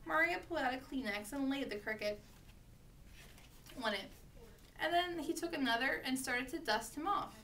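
A woman reading a children's storybook aloud with steady, expressive narration. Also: sits high, normal speed, pauses often, distant mic, a little hiss or hum. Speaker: reader.

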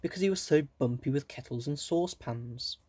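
A man reading a children's book aloud, gently, with small asides to his listeners. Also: mid-range voice, brisk, a little hiss or hum. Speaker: reader.

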